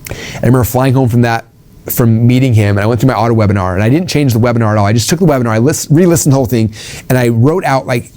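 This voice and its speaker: A man's voice: mid-range voice, very fast, mellow. A man giving an informal sales training talk, rambling with ums and restarts and acting out quoted conversations.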